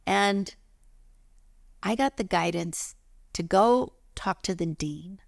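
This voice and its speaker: A middle-aged woman, a spiritual teacher, tells a personal story in a lively way and acts out the voices of other people. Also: medium pitch, takes it slowly, creaky, no room sound, clean studio sound.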